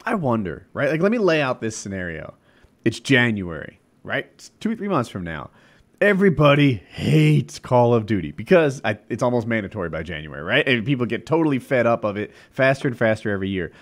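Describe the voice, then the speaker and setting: A man co-hosting a podcast in casual chat, telling stories animatedly with lots of fillers. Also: on the low side. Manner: animated storyteller, filler-heavy.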